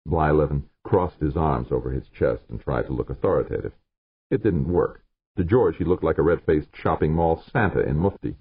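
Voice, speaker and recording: A man narrates an audiobook in an extremely deep, gravelly voice with a lively lilt. The recording is thin and phone-like, with a rough, husky edge. It sounds completely dry. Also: normal speed, no room sound. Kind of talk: scripted narration.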